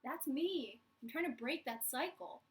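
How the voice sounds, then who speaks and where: A woman's voice: sits high, measured pace. A woman in her twenties with a Philadelphia accent, chatting casually on a live vlog. She is self-mocking and acts out the voices of the people she quotes. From Philadelphia, USA. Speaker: vlogger.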